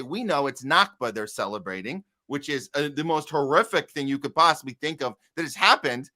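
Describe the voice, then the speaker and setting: A man's voice: fairly high pitch, animated, fairly quick, hardly any pauses, sharp tone. A man hosting a political podcast, talking in a loose, rambling way with lots of fillers and reading out headlines. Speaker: podcast host. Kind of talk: casual political commentary.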